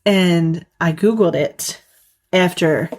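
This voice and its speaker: A woman with a slightly low voice, talking alone on her podcast in a loose, casual way. She fills her speech with "like", laughs a lot, and wanders off on side stories before coming back. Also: slow pace, a little mellow, no room sound. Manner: rambling, lots of "like", laughs often; goes off on tangents. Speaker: podcast host. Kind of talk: casual solo podcast monologue.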